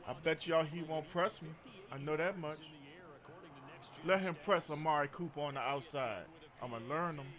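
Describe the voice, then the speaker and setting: High, bright-voiced man streaming a game. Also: moderate pace. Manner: joking, storytelling, frequent laughter. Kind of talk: casual gaming commentary.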